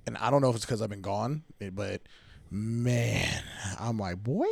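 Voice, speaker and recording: A young man co-hosting a podcast, telling lively stories in a casual, swearing way. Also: lowish voice, a little slow, gravelly. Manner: animated storyteller, swears freely. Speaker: podcast co-host. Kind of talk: casual chat.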